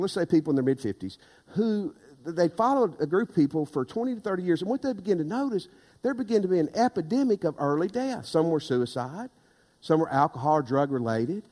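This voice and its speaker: High-voiced preacher in an echoing hall. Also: male voice. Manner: impassioned, rising to loud emphatic preaching. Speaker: pastor. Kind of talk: sermon.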